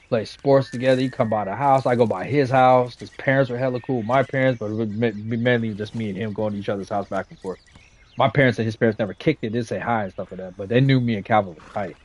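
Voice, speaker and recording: Slangy streetwise man. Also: medium pitch. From west side of San Jose, California. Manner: slangy, streetwise and profane, with lots of "you know what I'm saying" and "right?". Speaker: gaming streamer. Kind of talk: casual storytelling chat.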